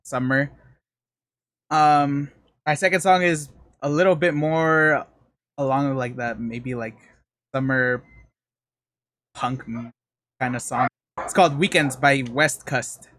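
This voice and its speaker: A man's voice: mid-range voice, slow pace, pauses often, a bit bright, no echo, studio quality. A man co-hosting a podcast in casual chat, rambling with fillers as he recommends songs. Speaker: podcast co-host.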